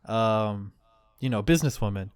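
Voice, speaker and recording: A man's voice: on the low side, moderate pace, smooth, no room sound. Rambling, laughing male podcast co-host. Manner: rambling storyteller, laughs often, acts out quoted lines. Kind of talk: casual chat.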